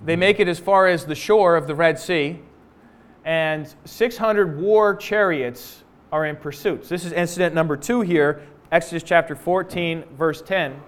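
A man preaching a sermon to a congregation indoors, animated and jokey in a conversational way. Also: on the high side, a little slow. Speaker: pastor.

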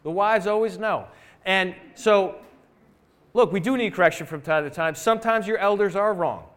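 High-voiced pastor preaching conversationally. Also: male voice, moderate pace, a bit bright. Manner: conversational preaching with rhetorical questions. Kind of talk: sermon. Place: church sanctuary.

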